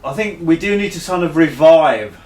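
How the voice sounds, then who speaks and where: Middle-aged man, dry deadpan lines, lively pitch, echoey room, far from mic. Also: normal speed, slight background noise. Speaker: former film extra. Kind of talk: casual chat.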